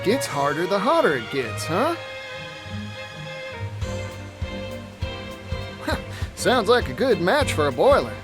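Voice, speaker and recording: An actor voicing a cheerful, folksy young traveling merchant in a video game, with a drawling, upbeat manner. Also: male voice, sits high, huge pitch swings, moderate pace. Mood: musing. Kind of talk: game voice acting. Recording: game audio with music behind.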